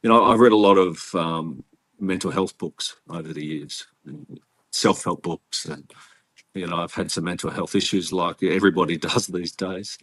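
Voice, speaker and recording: An Australian man talks through his story in a casual interview. His voice sits a little low, and he speaks earnestly, often breaking off and starting over. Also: fairly bright tone. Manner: earnest, halting storytelling with frequent restarts. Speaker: interview guest.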